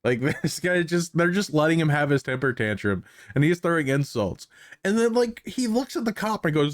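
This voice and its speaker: A man's voice: fairly high pitch, lively intonation, normal speed, no echo, clean studio sound. A man giving casual reaction commentary on police footage, amused and profane, laughing often.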